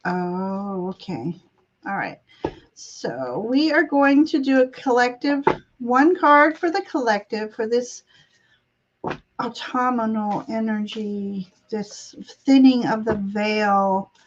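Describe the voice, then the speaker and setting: A woman gives a live tarot reading on a stream, speaking slowly in a slightly raised voice. She chats, giggles and wanders from thought to thought. The sound comes through a slightly muffled, lo-fi video call. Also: fairly high pitch, expressive. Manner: chatty, giggly, meandering. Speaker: tarot reader and show host.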